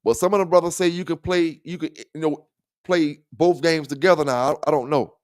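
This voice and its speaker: A man's voice: on the high side, steady tone, fairly quick, dry recording, studio quality. A man hosting a livestream dog talk show, chatting loosely with viewers in profane trash talk and laughing often. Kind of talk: casual livestream chat.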